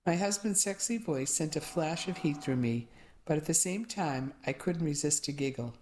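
A woman reading a mystery short story aloud as an audiobook narrator, steady and clear. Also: low voice, normal speed. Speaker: audiobook reader.

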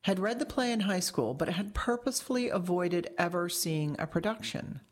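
A woman narrates a long-form magazine article from a script, her voice a little low for a woman. She reads in a measured, articulate way that is also animated.

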